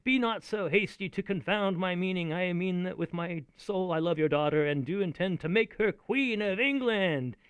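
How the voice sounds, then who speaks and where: A man's voice: high-pitched, normal speed, few pauses, smooth, no echo, pitched above the performer's own voice, close to an everyday voice. A man reciting the lines of a scheming king wooing a grieving queen, declaiming verse. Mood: earnest pleading.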